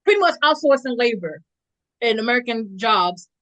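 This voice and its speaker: A woman's voice: fairly high pitch, animated, normal speed, fairly bright tone, poor audio. A woman hosting a podcast, giving blunt, outspoken takes in casual chat. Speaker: podcast host.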